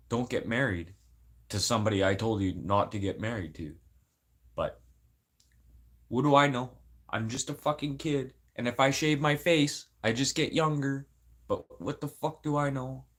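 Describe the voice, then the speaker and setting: A man in his forties rants on a livestream while crying. His venting is angry, profane and rambling, and his voice sits at an ordinary middle pitch. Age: 40s. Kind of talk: emotional livestream rant.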